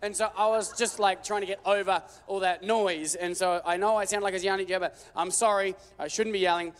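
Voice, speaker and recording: A man's voice: high voice, a little fast. Aussie guy pastor, sermon storytelling, playful, lots of echo. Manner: animated, joking storytelling with acted-out quotes. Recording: long hall reverb.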